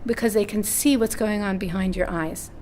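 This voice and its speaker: In a seminar room full of listeners, a woman with a mid-range voice speaks at a moderate pace during a live parenting seminar. She is an animated storyteller, voicing characters in her anecdotes and asking "right?" often. Slight background noise is present.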